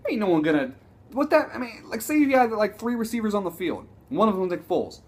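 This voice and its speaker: A man ranting casually about his football team, profane and excitable, rambling with frequent restarts. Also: high-pitched, fast. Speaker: sports vlogger. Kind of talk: casual sports rant.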